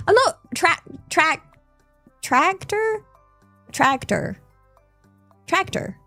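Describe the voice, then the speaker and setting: A woman's voice: very high-pitched, very animated, takes it slowly, long pauses, sharp tone, no room sound, faint music behind. A playful, giggly woman with a West Country English accent, chatting casually with her live-stream audience. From England. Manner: playful, giggly, thanks chat in Japanese.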